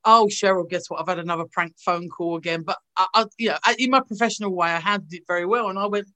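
This English actress talks fast in a voice on the low side, telling animated anecdotes as a guest over video call. She voices the people in her stories herself.

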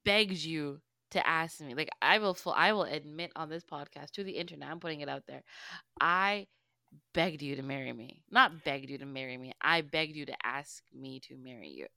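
A woman's voice: deep voice, normal speed, vocal fry, bright, forceful tone, dry recording, clean studio sound. A woman co-hosting a casual podcast, blunt and sweary, laughing often. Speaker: podcast co-host. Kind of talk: casual chat.

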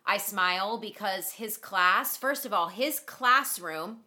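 Bright-voiced woman podcast co-host. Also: mid-range voice. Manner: warm listener, quick to laugh along. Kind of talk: casual chat.

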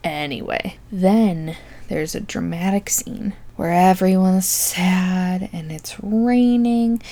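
A young woman rambles through a movie recap in a low, gravelly voice. She talks sarcastically and loosely, filling gaps with likes and ums while she mocks the plot. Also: slow, mellow.

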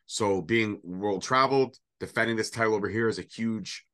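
A man's voice: fairly low pitch, normal speed, fairly bright tone. A man co-hosting a casual wrestling prediction show, joking and rambling with sarcastic asides. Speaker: podcast co-host.

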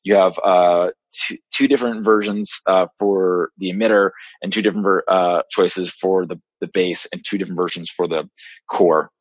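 Rambling low-voiced man telling a story. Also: moderate pace, breathy edge, no echo. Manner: rambling and excited, many fillers and restarts. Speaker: podcast guest reporter. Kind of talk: casual storytelling monologue. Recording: dry, slightly dull lo-fi podcast audio.

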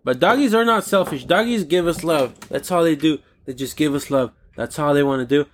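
A man hosting a talk show alone, ranting in a casual, animated and indignant way, swearing freely. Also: a little high, a little fast, a little hiss or hum. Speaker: podcast host. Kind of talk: casual solo rant.

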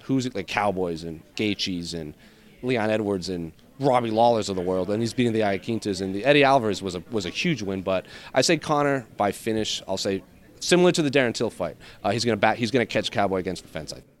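A man, a guest journalist, giving animated, casual analysis in a roundtable. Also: lowish voice. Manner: quick, animated analysis with fillers.

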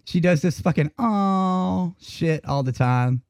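A man hosting a podcast in casual chat, telling animated stories full of swearing and frequent laughter. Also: fairly high pitch, slow, clear, resonant tone, dry recording, clean studio sound. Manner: profane, laughing, animated storytelling. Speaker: podcast host.

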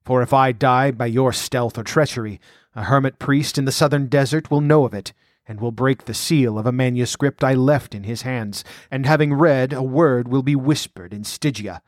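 Guy doing cold scheming outlaw noble, scornful, bossy, mid pitch, dry sound. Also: dry recording, natural voice. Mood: threatening. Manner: measured, scornful, domineering.

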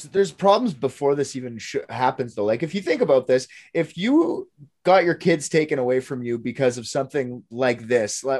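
A man's voice: fairly high pitch, darkish tone. A man co-hosting a casual podcast, ranting in a heated, profane way about how people should be treated. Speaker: podcast co-host. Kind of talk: casual true-crime chat.

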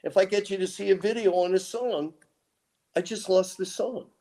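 A man speaking in a rather high voice for a man, talking as a guest in an interview. He spins long, rambling stories with lots of drama, acting out his own lines as he goes. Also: normal speed, mellow. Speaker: guest author and lecturer. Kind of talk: animated storytelling interview.

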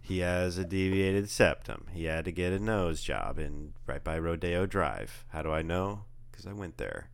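A man's voice: low voice, animated, moderate pace, gravelly, hardly any pauses. A young man co-hosting a casual chat, joking and rambling through stories. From Southern California. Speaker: podcast co-host.

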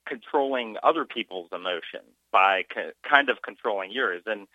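A man calling in to a radio show, telling a story haltingly with many fillers. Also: fairly low pitch, expressive, sharp tone, no room sound. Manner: halting, lots of uh and you know. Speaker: caller. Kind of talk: phone-in chat. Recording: muffled phone-in audio.

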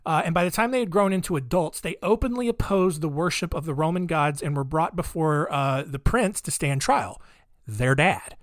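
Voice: mid-range voice, animated, normal speed, dry recording, studio quality. A comedy podcast host retelling saint stories in a sarcastic, rambling way, with many fillers.

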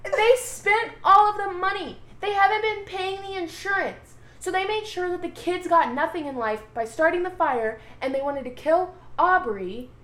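A woman's voice: very high-pitched, normal speed, hardly any pauses, roomy sound. A woman co-hosting a podcast, casually recapping a TV plot, swearing freely and acting out the characters' lines. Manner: animated, swearing, acts out quotes. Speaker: podcast co-host.

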